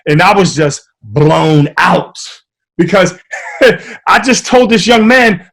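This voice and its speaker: Animated man telling stories. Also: sits high, slow pace, vocal fry. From United States. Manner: animated, vivid storyteller. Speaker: podcast guest. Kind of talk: casual interview storytelling.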